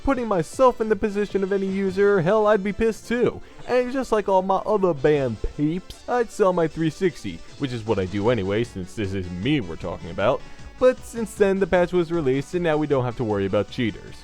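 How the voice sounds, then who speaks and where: A man delivers scripted video game commentary in a sarcastic, crude tone, speaking a little fast. His slightly high voice jumps around with lively, animated pitch swings, while soft music plays quietly underneath.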